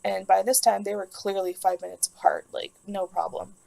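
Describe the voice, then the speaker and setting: A woman's voice: mid-range voice, flat delivery, moderate pace, vocal fry, dark tone, low-quality recording. A young woman telling a personal story in a vlog, rambling and emotional, with lots of "like". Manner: rambling, emotional, heavy use of "like". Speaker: vlogger.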